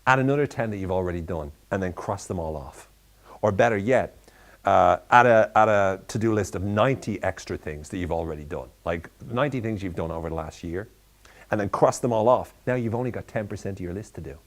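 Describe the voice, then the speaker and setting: Man, low-pitched, casual, playful, mock motivational talk, animated asides. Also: fairly quick. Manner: playful, deadpan mock advice with laughs; animated, voices and pitch jumps in quoted asides. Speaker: self-development speaker. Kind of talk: tongue-in-cheek motivational talk.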